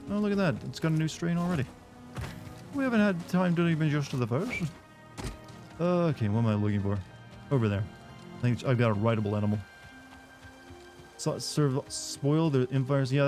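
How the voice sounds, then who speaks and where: A man's voice: medium pitch, darkish tone. Joking man streaming a game. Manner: joking, rambling. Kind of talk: casual gameplay commentary.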